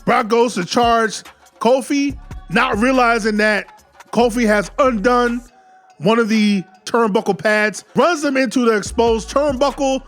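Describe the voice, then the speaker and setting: A man excitedly retelling an imagined wrestling match play by play, calling out the moves and the pin counts. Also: extremely high pitch, unhurried, faint music behind. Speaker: YouTube wrestling commentator.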